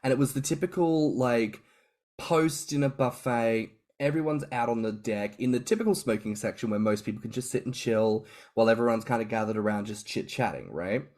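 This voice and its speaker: A man co-hosting a podcast, telling stories in an animated way, swearing and laughing freely. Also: mid-range voice, fairly quick. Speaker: podcast co-host. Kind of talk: casual podcast chat.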